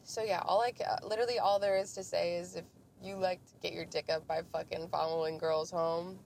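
A woman's voice: fairly low pitch, steady tone, a little fast, creaky, a little mellow. Young woman venting while driving. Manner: profane, venting, rambling. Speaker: podcast host. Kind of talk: casual driving podcast. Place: inside a car in the rain. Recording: noisy car interior.

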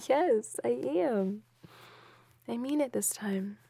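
A woman speaking softly and affectionately in a whispered role-play. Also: a little high, lively intonation, takes it slowly, creaky, breathy edge. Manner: soft and affectionate. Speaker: ASMR role-play partner.

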